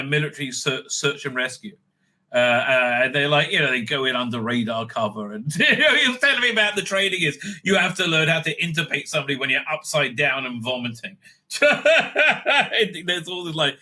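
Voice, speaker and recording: A man hosting a casual monologue, rambling with many restarts and sudden excited bursts. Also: a little high. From Israel. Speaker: host.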